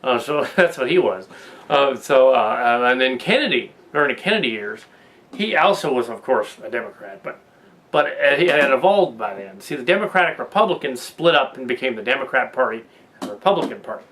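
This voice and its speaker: A man's voice: medium pitch, expressive, a little fast, a bit bright. A man hosting a casual political commentary monologue, rambling with frequent restarts and laughing at his own jokes. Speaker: host.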